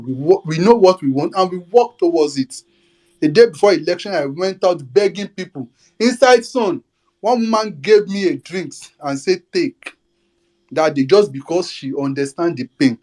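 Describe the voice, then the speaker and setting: A man's voice: high voice, animated, moderate pace, darkish tone. A Nigerian man giving a fiery, defiant political rant in a live audio space, dropping Yoruba curses.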